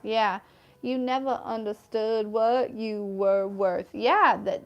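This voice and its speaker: A woman's voice: a little high, a little slow, lo-fi sound. A woman in her thirties giving a casual tarot card reading, chatty and rambling with lots of fillers. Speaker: tarot reader.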